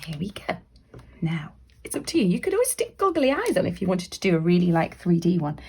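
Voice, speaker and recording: Lively, gravelly woman teaching drawing. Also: fairly low pitch, fairly quick. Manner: chatty and encouraging, often drops to a soft whisper. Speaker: library staff member leading a craft activity. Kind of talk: chatty drawing tutorial for children.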